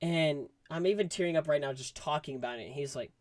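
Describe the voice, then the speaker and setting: A man giving a casual movie review, rambling and excitable, full of fillers. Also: fairly high pitch, quick pace, no room sound.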